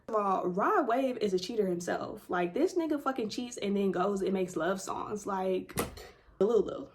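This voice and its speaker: A woman tells her story straight to the camera, blunt and unfiltered, swearing freely. Her pitch sits in a middle range. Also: moderate pace. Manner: blunt, profane, animated retelling. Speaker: storytime vlogger. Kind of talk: casual storytelling.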